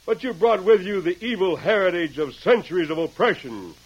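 A commanding masked western hero in a vintage radio play. His husky voice rises and falls with lively emphasis as he rallies a crowd. The broadcast sounds dull and lo-fi. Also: high-pitched, a little fast, exaggerated voice. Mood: rousing. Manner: stirring, declamatory speech to a crowd. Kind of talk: 1940s radio acting.

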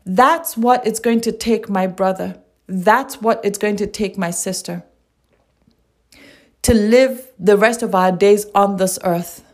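A woman's voice: medium pitch, a little mellow. A woman giving a devotional sermon, earnest, reading scripture aloud and asking rhetorical questions. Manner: earnest, repeats lines, asks rhetorical questions. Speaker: preacher.

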